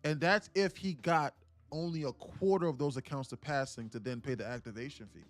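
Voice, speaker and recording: A man's voice: mid-range voice, a little fast, no echo, faint music behind. A man coaching viewers on a live stream about trading. He talks bluntly, swears casually and keeps calling out to his audience.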